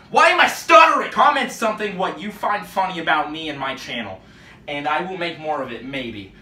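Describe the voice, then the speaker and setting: A nineteen-year-old man vlogging at home, rambling excitedly and filling his talk with "like", swinging from mumbles to yells. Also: high voice, moderate pace, reverberant, recorded from a distance. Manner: excitable, rambling, heavy use of "like", jumps between mumbling and yelling. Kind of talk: casual rambling vlog monologue. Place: home, indoors, at night.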